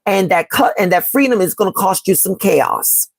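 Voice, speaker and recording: Woman, from Chicago, live-stream tarot host; emphatic and repetitive, mid-pitched, dry close sound. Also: expressive, normal speed, creaky, slightly rough, no echo. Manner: emphatic and repetitive, calling viewers "baby" and "y'all"; reads out and answers the live chat. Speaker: tarot reader and astrology host.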